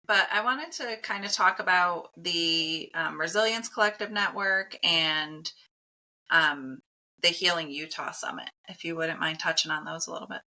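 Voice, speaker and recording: Bright-voiced woman host, low pitched. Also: moderate pace. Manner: polite, hesitant with fillers. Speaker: podcast host. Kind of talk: interview hosting.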